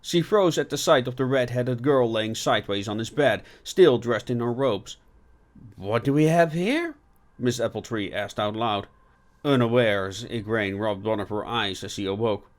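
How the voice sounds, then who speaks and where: A man narrating a fiction audiobook with dramatic swings from loud to hushed. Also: on the low side, moderate pace. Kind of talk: audiobook narration with character voices.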